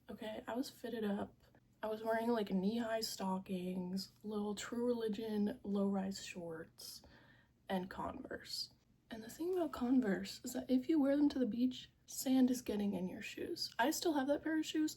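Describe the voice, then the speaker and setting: A woman's voice: medium pitch, darkish tone, husky. A woman in her twenties telling a storytime vlog, chatty and full of fillers, swearing casually and often dropping to a whisper. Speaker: vlogger.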